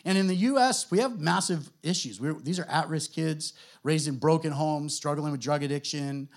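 A middle-aged man with an American accent, a guest pastor telling his story to a church in a relaxed, conversational way, full of fillers. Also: a little high, moderate pace. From United States. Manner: conversational, self-deprecating, many fillers.

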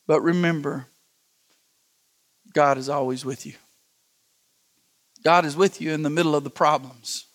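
Slow, high-voiced male preacher. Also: steady tone, some chatter behind. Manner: preaching with repeated refrains, then softly reading scripture and praying. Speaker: pastor. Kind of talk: sermon. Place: church campuses.

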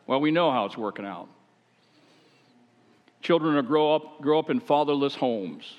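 A man's voice: on the high side, normal speed. A man preaching a conversational sermon, chatty and rhetorical, with wry asides and self-deprecating stories. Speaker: pastor. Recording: echoey hall, dull lo-fi sound.

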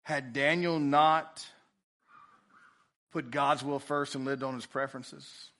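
A man preaching a sermon in a church, reading scripture aloud and swinging between loud emphasis and quiet, drawn-out lines. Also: mid-range voice, fairly even intonation. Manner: preaching with rising and falling intensity. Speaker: pastor.

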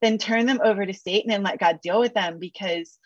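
A woman counselor talking on a podcast with sassy, animated asides and casual slang. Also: medium pitch, brisk, breathy edge, no room sound, dull audio. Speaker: counselor guest. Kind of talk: podcast interview.

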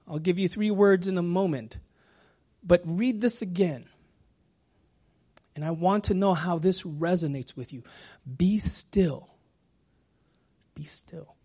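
A man preaching a sermon as pastor, talking gently and sometimes dropping to a whisper. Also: high voice. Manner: slow, gentle, drops to a whisper at times.

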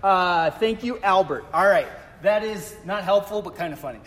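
High-voiced joking pastor in an echoing church. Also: male voice, normal speed, a bit bright. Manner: chatty, joking, self-deprecating asides. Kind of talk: casual humorous sermon. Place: church sanctuary.

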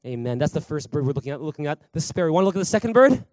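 A man's voice: on the high side, sing-song, very fast, a little mellow, dry recording. A male pastor preaching at a church service, emphatic, calling out to the congregation for applause and responses. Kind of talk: sermon.

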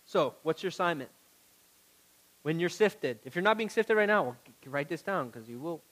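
A male pastor preaching a sermon to his congregation, moving from quiet, intimate words to loud pleading and asking the room questions. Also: a little high, lively intonation, normal speed, low-quality recording.

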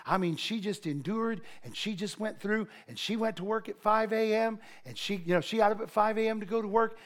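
High-voiced pastor preaching. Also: male voice, fairly quick. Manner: animated preaching with asides and laughter. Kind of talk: sermon.

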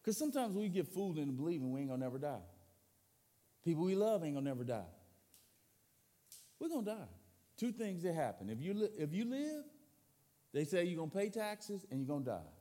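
A man's voice: on the high side, sing-song, brisk, long pauses, warm tone, in a large hall. A man preaching a sermon in a casual, conversational way with slangy asides.

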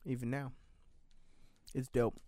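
A young man from the States talks through his ideas in a loose, rambling way, hedging and restarting as he goes. His voice sits at an ordinary pitch for a man. The sound is dry and close. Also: level tone, takes it slowly, dark tone, no room sound. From United States. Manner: rambling, hedging, restarts often, swears casually. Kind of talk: casual chat.

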